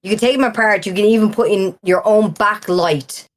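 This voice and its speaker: A woman's voice: medium pitch, fairly quick. A woman, co-hosting a podcast in casual chat and telling stories in a rambling way, full of "like" and "right?". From Ireland. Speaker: podcast co-host.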